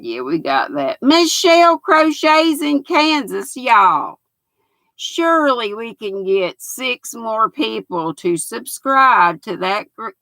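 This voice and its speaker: A woman's voice: mid-range voice, vocal fry, bright, forceful tone, no echo, rough recording. An older woman, hosting a livestream in a folksy, chatty way, reading out comments from her viewers. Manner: folksy, chatty, laughs often. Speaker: livestream host.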